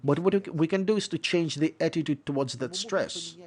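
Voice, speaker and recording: A man delivering a lecture as a voice-over, in a measured explanatory way, often restating points and correcting himself mid-phrase. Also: fairly high pitch. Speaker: lecturer on interpreting.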